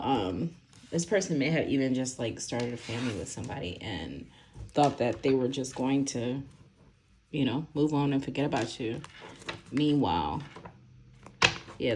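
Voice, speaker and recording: A woman's voice: extremely low pitch, moderate pace, background noise. A young woman giving a casual tarot reading, rambling with many fillers and frequent laughs. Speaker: tarot reader.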